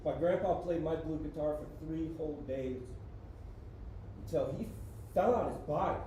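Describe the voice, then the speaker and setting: Echoey spoken-word poet, man, high voice. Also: normal speed, dull audio, slight background noise. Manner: rhythmic, repetitive phrasing that swings between shouted lines and hushed low passages. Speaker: slam poet. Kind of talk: live spoken-word poetry performance. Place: live performance venue. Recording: very echoey room, voice heard from a distance.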